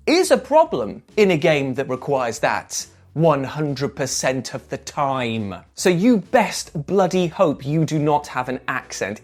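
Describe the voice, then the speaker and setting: Animated English man presenting gaming. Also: on the high side. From England. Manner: animated, jokey, playful. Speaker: video presenter. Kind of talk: energetic gaming countdown video.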